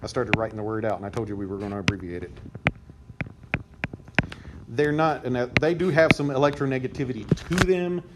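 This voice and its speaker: A man's voice: mid-range voice, a little fast, pauses often. A man giving a chemistry lecture to a class, quizzing students and joking as he goes. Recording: noisy classroom recording.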